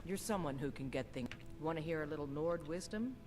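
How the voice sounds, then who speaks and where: A woman voicing a tough, blunt Nord warrior in a video game, speaking in a gruff, boastful way. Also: low voice, lively intonation, a little fast. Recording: game dialogue from afar over loud music. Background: game music.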